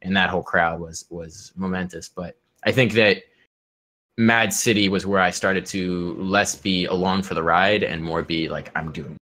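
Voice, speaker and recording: A man with a low, steady, pushed and bright voice talks at normal speed while co-hosting an esports podcast from a home room where an air conditioner runs. It's a casual chat, and he rambles thoughtfully with lots of fillers and restarts.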